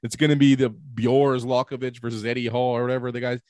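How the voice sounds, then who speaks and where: A man's voice: mid-range voice, flat delivery, quick pace, darkish tone, no room sound, clean studio sound. A man chatting casually as a podcast co-host, rambling and swearing, with lots of filler words. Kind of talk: casual chat.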